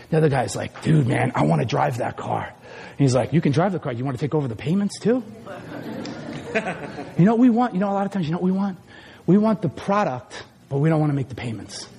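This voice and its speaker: A man preaching a sermon as pastor, loud and passionate, swinging between shouts and quieter asides. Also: a little high. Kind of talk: energetic sermon. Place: large hall or church. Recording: echoey hall.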